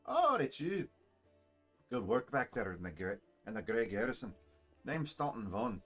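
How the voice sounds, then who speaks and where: A man's voice: mid-range voice, very animated, moderate pace, fairly bright tone, soft background music, pitched above the performer's own voice. A man voicing a grim, bitter male dwarf soldier in a put-on Scottish accent, blunt and gloomy. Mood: gruff.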